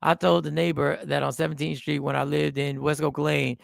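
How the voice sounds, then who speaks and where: A man's voice: a little high, flat delivery, brisk, creaky, dry recording, clean studio sound. A man of Puerto Rican background hosting a livestream, talking casually, joking and rambling with restarts. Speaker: livestream host.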